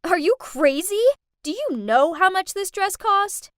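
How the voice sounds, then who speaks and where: Bratty rich girl, hot-tempered and sneering, played by a woman with a high, swooping voice. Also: sing-song, a little slow, no room sound, studio quality. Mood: contemptuous. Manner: loud, scornful, hot-tempered. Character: spoiled, snobbish rich teenage girl.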